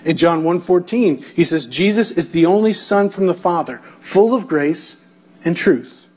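A man's voice: high voice, lively intonation, unhurried, breathy edge, dull audio. A male pastor preaching an expository sermon, emphatic and building through repetition, checking in with the congregation.

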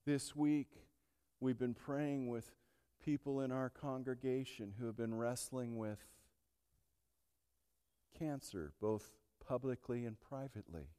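A male pastor preaching an impassioned sermon, swinging between hushed and loud delivery. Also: medium pitch, slow pace, clean tone. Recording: long hall reverb.

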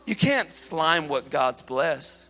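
High lively preacher guy, animated storyteller, faint music behind, echoey hall. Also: slow, creaky. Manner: animated storytelling, shouting at peaks. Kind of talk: sermon. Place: church hall.

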